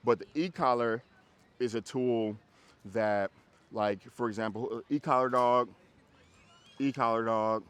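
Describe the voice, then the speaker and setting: A man working as a dog trainer, coaching casually outdoors on a walk, animated and often repeating himself as he acts out little scenes. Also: medium pitch, a little slow, pauses often, clean tone.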